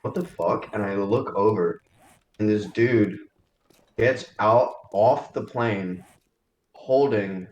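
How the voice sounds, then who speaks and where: A man's voice: lowish voice, takes it slowly, a little mellow, roomy sound, highs cut off. A young man from New Jersey on a voice call, chatting casually, laughing through his stories and swearing. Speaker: friend on a call. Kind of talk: casual chat.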